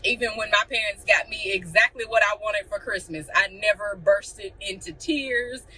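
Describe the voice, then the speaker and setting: Young woman, blunt, animated, bright voice, faint room noise. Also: mid-range voice, normal speed, distant mic, low-quality recording. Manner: blunt, animated, acts out quotes. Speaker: vlogger. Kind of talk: casual chat to camera.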